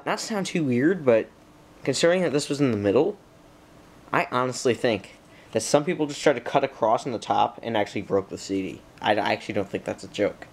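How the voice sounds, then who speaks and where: A young man narrating an unboxing at home, rambling and talking to himself and the computer, getting frustrated while it loads. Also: mid-range voice. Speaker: tech vlogger. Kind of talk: casual unboxing commentary.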